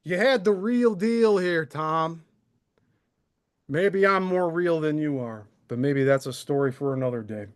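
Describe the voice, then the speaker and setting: A man's voice: a little high, unhurried. A man hosting a live stream, airing his grievances in a sarcastic, aggrieved rant. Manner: aggrieved, sarcastic, mocking impressions.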